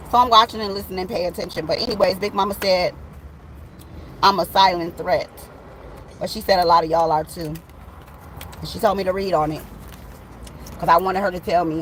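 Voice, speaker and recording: A woman's voice: lowish voice, fairly bright tone, a little hiss or hum, poor audio. A woman, giving a casual tarot reading to camera and talking bluntly and animatedly straight to her viewers, swearing freely. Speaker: tarot reader.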